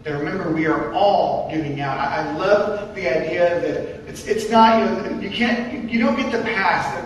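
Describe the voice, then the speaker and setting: In an echoey church sanctuary, a man preaches a sermon, emphatic and repetitive, posing rhetorical questions to the congregation. His voice sits high, at normal speed with few pauses, picked up by a distant mic.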